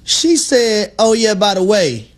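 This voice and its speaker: A man co-hosting sports talk radio with a high, swooping voice. He preaches playfully and tells his stories with exuberant, animated quoting. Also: unhurried.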